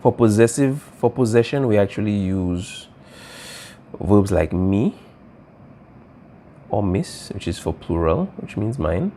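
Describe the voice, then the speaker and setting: A man's voice: lowish voice, lively intonation, takes it slowly, long pauses, mellow, a little hiss or hum. A man teaching a language class, explaining patiently and checking in with "all right?" as he goes. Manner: patient, repeats key points, asks "all right?" often. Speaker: Spanish teacher.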